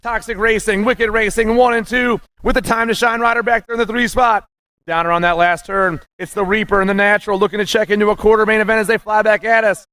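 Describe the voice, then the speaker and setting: A man calling live races as the announcer, excited and punchy, rattling off names and nicknames. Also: high voice, fast. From USA. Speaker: race announcer. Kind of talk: live race commentary.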